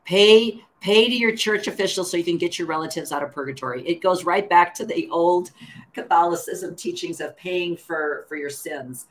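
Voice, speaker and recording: A woman's voice: on the low side, moderate pace, echoey room, low-quality recording. A woman co-hosting a podcast, trading indignant, wry remarks in casual chat. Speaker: podcast co-host.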